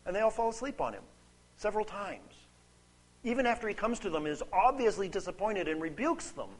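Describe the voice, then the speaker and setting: A man preaching a sermon, conversational and animated, often checking in with "right?" and reading scripture aloud. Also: high-pitched, a little fast. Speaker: pastor.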